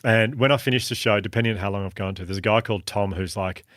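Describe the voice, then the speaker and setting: Australian man, podcast co-host, low-pitched, dry close mic, chatty and laughing. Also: fast, a bit bright, no room sound. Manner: chatty storyteller, laughs often. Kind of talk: casual podcast chat.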